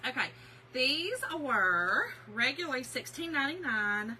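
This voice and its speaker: A woman hosting a casual craft haul livestream, chatty and excitable, greeting viewers by name. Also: a little high, unhurried, heavy background noise. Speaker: craft channel host.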